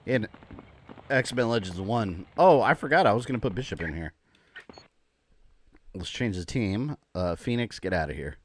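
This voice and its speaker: A man hosting a livestream and rambling in relaxed, chatty commentary while he plays a game. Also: lowish voice, moderate pace, pauses often, slight background noise. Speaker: livestream gamer host. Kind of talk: casual gameplay commentary.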